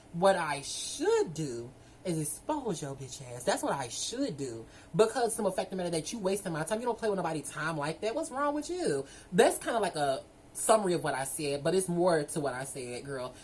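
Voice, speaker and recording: A woman, telling a story to her viewers in a sassy, animated way. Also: mid-range voice, a little hiss or hum, low-quality recording. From Southern United States. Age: 20s. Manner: sassy, animated, addresses listeners as girl and y'all. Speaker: vlogger. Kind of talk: casual storytime monologue.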